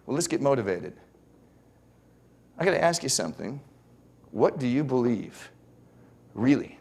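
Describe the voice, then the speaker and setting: A man giving a motivational speech, with animated storytelling and rhetorical questions. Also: medium pitch, a little slow, vocal fry, slightly rough. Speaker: motivational speaker.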